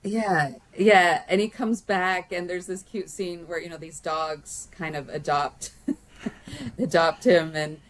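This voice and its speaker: Woman, lowish voice, casual film chat, rambling, restarts, fillers. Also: slow pace. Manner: rambling, many restarts and fillers, warm laughs. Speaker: guest, host's mother.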